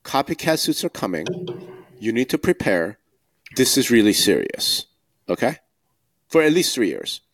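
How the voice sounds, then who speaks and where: A man's voice: medium pitch, sing-song, normal speed, long pauses, fairly bright tone. A man co-hosting a podcast, talking bluntly and emphatically, firing off rhetorical questions. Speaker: podcast co-host. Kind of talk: casual podcast discussion.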